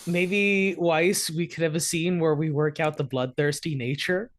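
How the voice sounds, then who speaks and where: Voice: mid-range voice, fairly even intonation, measured pace. A player at a tabletop game, eager and joking as they plan a scene.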